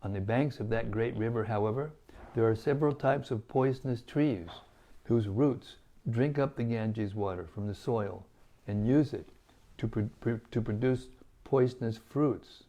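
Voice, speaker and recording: A man with a mellow, darker tone reads scripture aloud, taking it phrase by phrase at a measured pace. His pitch sits in the middle for a man, and the delivery stays careful and deliberate. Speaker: scripture reader. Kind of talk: reading scripture aloud to listeners.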